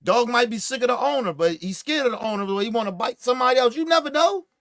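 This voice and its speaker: A man hosting a podcast, telling stories in casual, profane, animated commentary and acting out what others said. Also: very high-pitched, fast, no echo, studio quality. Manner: profane, animated storytelling with acted-out quotes. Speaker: podcast host.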